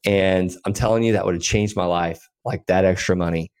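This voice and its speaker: Low-voiced man telling a lively story. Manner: animated, quick anecdotal telling with many fillers. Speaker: podcast guest, land investor. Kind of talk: casual storytelling in an interview.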